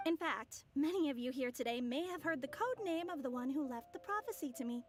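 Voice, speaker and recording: A woman's voice: high-pitched, expressive, fairly quick. A woman voicing a composed, mysterious young woman in a video game, speaking in a poised, formal and courteous way. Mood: earnest.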